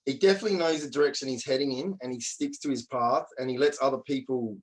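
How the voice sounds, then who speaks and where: Fast-talking blunt Australian man. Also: mid-range voice, rough recording. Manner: blunt, matey, emphatic. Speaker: podcast co-host. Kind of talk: casual podcast chat.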